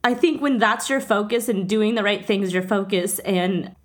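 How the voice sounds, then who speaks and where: A woman's voice: mid-range voice, normal speed. A woman hosting a casual interview, talking earnestly and getting emotional at times. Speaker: podcast host.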